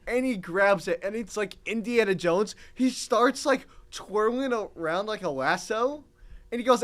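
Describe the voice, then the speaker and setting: A young man co-hosting a podcast, telling a story in an excitable, animated way and laughing through it. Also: high-pitched, normal speed. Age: young adult. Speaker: podcast co-host. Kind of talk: casual storytelling chat.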